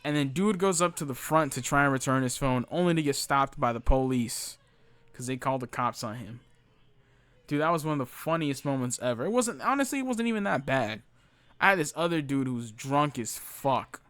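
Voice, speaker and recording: Telling stories from his former retail job, a young man rants casually, swearing a lot, using plenty of fillers, and restarting sentences. His medium-pitched voice is expressive, fairly quick, a bit bright, and smooth, with no room sound.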